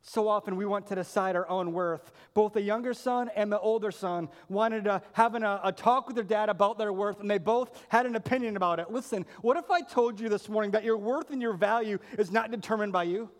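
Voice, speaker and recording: A man's voice: high voice, brisk, few pauses, in a large hall. A male pastor preaching a sermon, earnest and emphatic, pressing his point with repeated questions.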